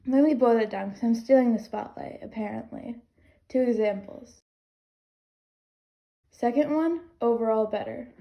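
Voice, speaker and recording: A woman's voice: a little high, normal speed, creaky, long pauses. Brash teasing woman on a dull lo-fi mic. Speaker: guest co-host.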